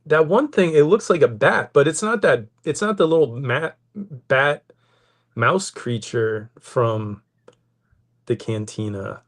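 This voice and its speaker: Lively excitable podcast co-host. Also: male voice, mid-range voice, slow. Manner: excitable, says "dude" a lot. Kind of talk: casual chat.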